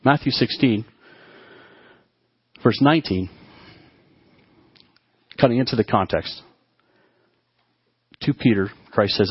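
A man preaching a sermon to his congregation, often halting and restarting his words as he talks. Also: medium pitch, breathy edge, no echo, dull audio. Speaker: pastor.

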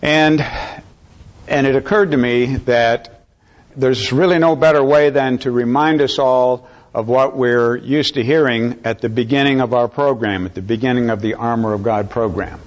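A man's voice: mid-range voice, fairly even intonation. Earnest male preacher, lo-fi recording. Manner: unhurried, earnest, calls for amens. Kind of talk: sermon. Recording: slightly dull lo-fi recording.

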